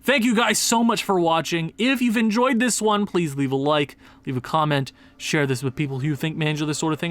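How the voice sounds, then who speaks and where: A young man commentating his own video game session, talking to himself and getting excited over his choices. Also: a little high, brisk, few pauses, faint music behind. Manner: excitable, talks to himself while playing. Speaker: gaming video host. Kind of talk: gameplay commentary.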